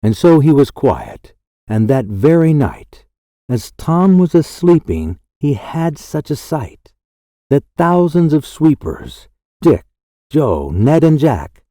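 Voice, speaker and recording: A man reading poetry aloud as an audiobook narrator, in a measured recitation. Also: mid-range voice, big pitch swings, mellow, dry recording, clean studio sound. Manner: slow, measured, lilting recitation.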